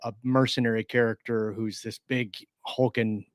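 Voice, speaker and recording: Guy rambling casually about writing, mid pitch, dry no-room sound. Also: level tone, normal speed, no echo. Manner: chatty, loose, many fillers and restarts. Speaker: co-host of a writing sprint stream.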